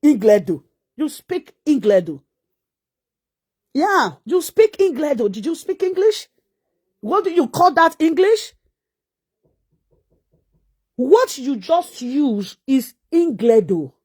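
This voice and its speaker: High-voiced Nigerian woman scolding. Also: sing-song, slow pace, pauses often, darkish tone. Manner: scolding, mocking, rhetorical questions. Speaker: vlogger. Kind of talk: ranting live-stream commentary.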